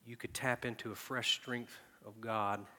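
Bright-voiced preacher in a reverberant hall. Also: male voice, mid-range voice, fairly even intonation, a little slow. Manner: swings between hushed, soft asides and loud, emphatic outbursts. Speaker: pastor. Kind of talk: sermon with personal storytelling. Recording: long reverb of a large hall.

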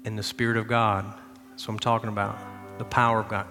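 A middle-aged man pastor preaching a sermon, telling a lively personal story with shouted bursts and then easing into quiet prayer. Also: lowish voice, quick pace, few pauses. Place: church sanctuary. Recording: long hall reverb with faint music.

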